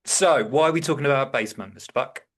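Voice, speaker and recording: This is a middle-aged man chatting on a podcast over a remote call. His pitch sits in an ordinary middle range. He tells stories in a relaxed, joking way. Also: quick pace. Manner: jokey storyteller, acts out characters in the stories he tells. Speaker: podcast co-host. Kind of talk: casual chat. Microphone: remote call mic.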